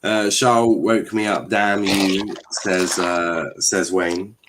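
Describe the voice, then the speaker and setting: Young man, low-pitched, sweary, chatty watchalong streamer reading chat. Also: flat delivery, slow pace, noisy background. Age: young adult. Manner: sweary, jokey, reads chat aloud. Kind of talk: casual live football commentary.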